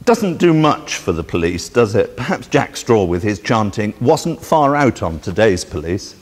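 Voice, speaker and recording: Sardonic man, lively voice, echoing hall. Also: on the low side, a little slow, husky. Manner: sardonic, indignant storytelling that acts out both sides of a dialogue. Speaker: speaker at a public presentation. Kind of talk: anecdotal public talk. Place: meeting hall. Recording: reverberant hall recording.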